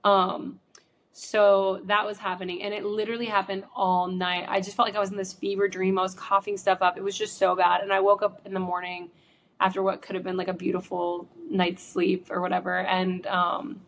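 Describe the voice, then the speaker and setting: A woman's voice: medium pitch, monotone, moderate pace, slight background noise. Sick woman rambling on her podcast. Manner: chatty, rambling, lots of likes and ums. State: sick with a chesty cough. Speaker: podcast host. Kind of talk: casual solo podcast storytelling. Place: home room. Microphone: studio microphone.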